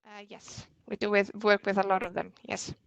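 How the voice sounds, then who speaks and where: A woman's voice: medium pitch, little pitch movement, normal speed, gravelly, clear, resonant tone, no echo, low-quality recording. A woman representing a hotel who answers webinar questions over a video call in short, hesitant replies.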